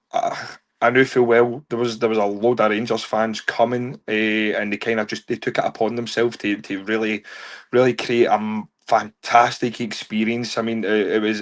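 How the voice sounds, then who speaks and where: Lively man telling tour stories. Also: fairly low pitch, normal speed. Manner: animated storyteller, laughs often, repeats words. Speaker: guest, touring stage show creator. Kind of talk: casual podcast chat.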